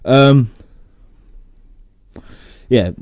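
A man's voice: mid-range voice, extremely slow, darkish tone. A man hosting a podcast, chatting casually, reading out facts and joking and swearing between laughs. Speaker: podcast host.

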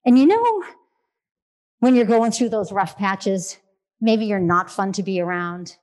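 A woman's voice: mid-range voice, expressive, measured pace, darkish tone. Earnest middle-aged woman telling a story. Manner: earnest, repeats phrases for emphasis, small restarts. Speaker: speaker sharing a reflection. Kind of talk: heartfelt personal storytelling.

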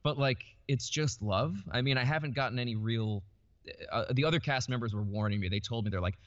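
A man's voice: mid-range voice, fairly quick, highs cut off. A man who works as a voice actor, a guest in a casual podcast chat, rambling and filling his talk with "like". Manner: rambling, leans on "like" a lot.

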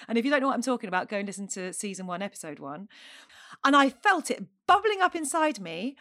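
A woman in her forties, co-hosting a podcast, telling stories in a chatty, animated way and acting out her own outbursts. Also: fairly high pitch, fast. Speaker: podcast co-host. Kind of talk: casual chat.

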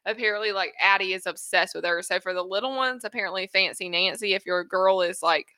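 A woman in casual group chat, telling animated stories and reading out chat comments. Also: mid-range voice, a little fast. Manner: animated storytelling, reads chat comments aloud.

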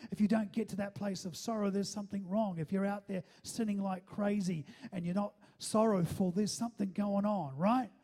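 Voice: mid-range voice, fairly even intonation, moderate pace, few pauses, mellow. A pastor preaching a sermon, stressing each point and often asking the listeners if they are following. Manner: keeps checking in with the listeners, emphatic.

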